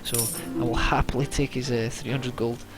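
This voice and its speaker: A man's voice: mid-range voice, flat delivery, normal speed. A young man giving chatty, casual commentary as he plays a video game at home, muttering to himself as he goes. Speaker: let's play gamer. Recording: game music loud behind.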